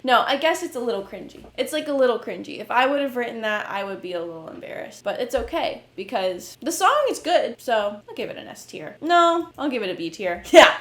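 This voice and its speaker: A woman's voice: a little high, big pitch swings, normal speed, echoey room, over music. A woman hosting a comedic tier-list commentary with a playful, exaggerated manner. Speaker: music commentary host.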